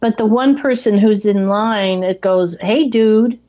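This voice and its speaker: Middle-aged woman, calm storyteller, mid-range voice, casual chat. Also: mid-range voice, a little slow. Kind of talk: casual chat recapping a film.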